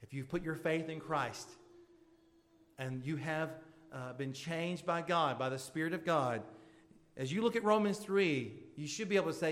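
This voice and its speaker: A male pastor preaching in a large church, his fairly high voice carried by a long hall reverb. He pleads with the congregation and builds to fervent, urgent calls. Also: moderate pace, a bit bright. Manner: pleading, rising to fervent high-pitched appeals. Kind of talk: sermon. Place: church sanctuary.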